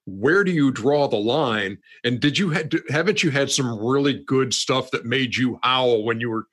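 A man's voice: medium pitch, moderate pace, fairly bright tone. A man hosting an interview, asking curious questions and laughing often. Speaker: host.

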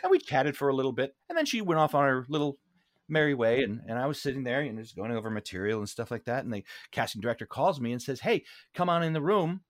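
He talks fast, a Broadway actor chatting through stories for an interviewer. When he quotes someone, he performs it with big swings in his voice, keeping things animated. The audio is dry and studio quality.

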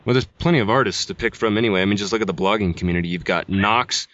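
A man's voice: fairly low pitch, rapid-fire, a bit bright. A man hosting a podcast in casual chat, joking and putting himself down. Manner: jokey, self-deprecating. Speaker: podcast host. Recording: dull lo-fi audio.

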